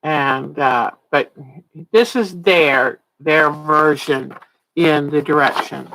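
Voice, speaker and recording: A woman's voice: deep voice, slow pace, fairly bright tone, a little hiss or hum, poor audio. A woman in her sixties, a quilting teacher on a casual livestream, chatty and laughing often, a little tired and yawning. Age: 60s.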